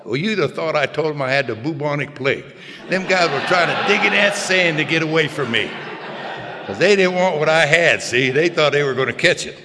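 Older man telling his story in a hall. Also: fairly quick. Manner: plainspoken, folksy storytelling, drops into quiet low asides. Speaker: recovery speaker. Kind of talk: personal recovery story told to a group. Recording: long hall reverb.

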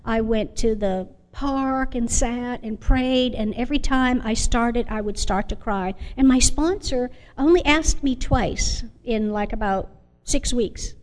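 A woman tells her recovery story in an earnest, reflective way, stopping often to gather her words with fillers. Her voice sits a little on the higher side. It rings out with the long reverb of a big room. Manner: halting, with many pauses and fillers. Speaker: Al-Anon member sharing her story. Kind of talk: personal testimony.

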